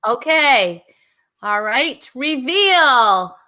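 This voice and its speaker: A woman's voice: high-pitched, very animated, drawn-out words, pushed and bright. A woman hosting a casual comedy game show, chatty and laughing often.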